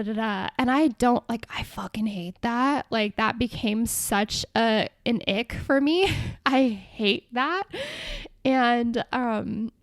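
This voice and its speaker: Young female host, casual solo rant, frank and filler-heavy, slightly high pitch, dead-dry close mic. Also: no room sound. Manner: chatty, frank, lots of fillers and swearing. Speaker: podcast host.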